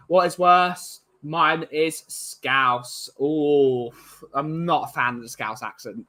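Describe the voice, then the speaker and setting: Rambling English male host reading out chat, bright slightly high voice. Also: steady tone, slow. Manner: chatty, rambling, greets chatters by name. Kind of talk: casual live-stream chat.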